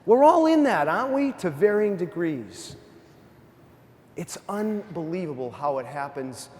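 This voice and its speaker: A man's voice: sits high, measured pace, in a large hall, a little hiss or hum. A man who is a parish priest, giving a conversational, humorous sermon and often checking in with the congregation. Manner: conversational, asks the congregation questions; animated storyteller with humor. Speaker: pastor. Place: church.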